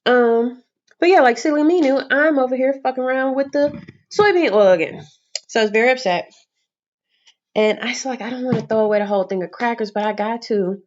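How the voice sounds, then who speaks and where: Young woman vlogger, chatty and expressive, casual swearing, slightly dull home recording. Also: fairly high pitch, fairly quick. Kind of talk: casual storytelling to camera.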